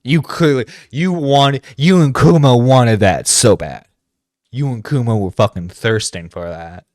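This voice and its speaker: Slow, blunt, swearing man streamer. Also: medium pitch, a little mellow, no room sound, clean studio sound. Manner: blunt, swearing, stammering restarts. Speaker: reaction streamer host. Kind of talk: profane reaction commentary.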